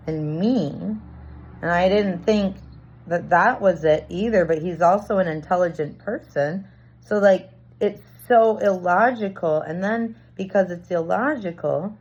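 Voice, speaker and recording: On a dull lo-fi recording, a woman with a lowish, darkish voice gives an earnest, searching monologue about a confusing experience. She acts out bits of dialogue as she works through it.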